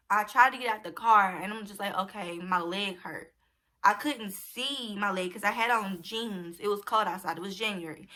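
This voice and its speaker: A young woman vlogger with a mid-range, pushed and bright voice shares a personal story with her viewers. She keeps it casual and chatty, talking to them directly as "y'all."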